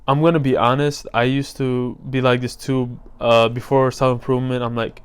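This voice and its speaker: A man's voice: medium pitch, little pitch movement, normal speed, clean tone. A young man giving a casual motivational vlog talk as a self-improvement coach, loose and slangy, with lots of fillers.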